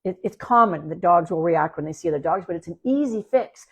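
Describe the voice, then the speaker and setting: A woman's voice: fairly low pitch, lively intonation, brisk, husky, dull audio. Plainspoken woman dog trainer giving advice. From Canada. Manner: plainspoken, repeats key points, acts out dog and owner lines. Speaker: dog trainer answering listener questions. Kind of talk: casual podcast advice.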